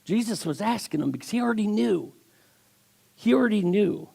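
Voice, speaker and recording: Man preaching, gravelly and fairly high, slips into voices for his stories. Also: lively intonation, moderate pace, mellow. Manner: storytelling with acted voices, emphatic. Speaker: guest preacher. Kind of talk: sermon.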